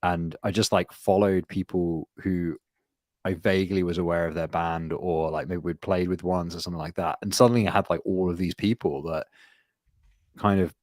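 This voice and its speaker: Low-voiced man ranting casually. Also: normal speed, dry recording, studio quality. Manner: rambling, sweary, animated storytelling. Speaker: podcast co-host. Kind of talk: casual chat.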